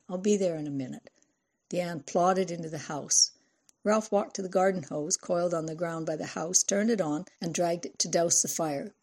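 A woman narrating a novel in an even, scripted storytelling delivery. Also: lowish voice, breathy edge. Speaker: audiobook narrator.

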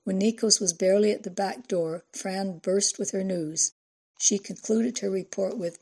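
A woman reading an audiobook aloud in a steady, even storytelling manner. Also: mid-range voice, moderate pace, creaky, slightly rough. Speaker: narrator. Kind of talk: audiobook narration.

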